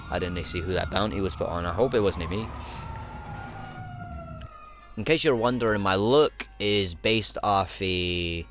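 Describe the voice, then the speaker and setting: A young gaming YouTuber from Scotland, speaking with a Scottish accent in a low-pitched voice, gives sweary, rowdy commentary over his gameplay and shouts at the game. There's slight background noise.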